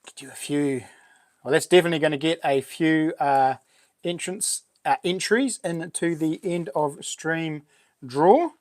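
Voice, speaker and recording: This livestream host is a New Zealander whose voice sits on the high side, and he speaks at a measured pace. He chats casually and cheerfully, welcoming the live chat with "buddy" and "mate." The studio sound is clean, with no room audible.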